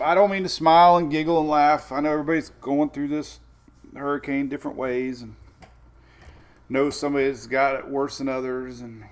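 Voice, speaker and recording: A man's voice: mid-range voice, steady tone, fairly quick. A man hosting a casual weather livestream, chatting in a laid-back way, chuckling often and answering viewer comments. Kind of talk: casual live-stream chat.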